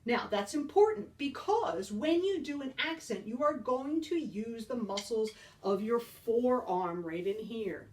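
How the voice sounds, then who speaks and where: A woman's voice: fairly high pitch, animated, measured pace, hardly any pauses, darkish tone, distant mic. A woman band teacher giving a beginner percussion lesson, upbeat and encouraging, counting beats aloud.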